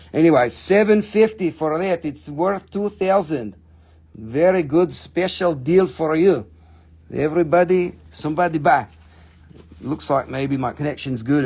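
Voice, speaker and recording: A man with a gravelly, slightly high voice pitches stones live into his phone. He jokes and swears freely, and his grammar is loose and broken. The feel is a casual sales stream. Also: a little mellow. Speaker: host selling crystals on a live stream.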